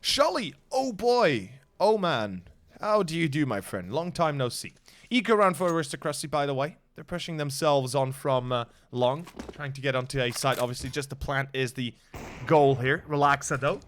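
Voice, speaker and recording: A young Slovenian man with a Slovenian accent, casting a match solo in English as a non-native speaker, building up loudly during action and chatting with viewers between plays. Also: expressive, normal speed. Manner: rises sharply in pitch and volume during action, chats with viewers between plays. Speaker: esports caster. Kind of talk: solo play-by-play commentary.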